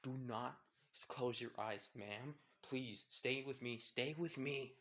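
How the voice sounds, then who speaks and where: A man's voice: medium pitch, a bit bright. A man voicing a brave young adventurer woman who urgently pleads with someone to hold on. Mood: pleading. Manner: urgent pleading, quick and insistent.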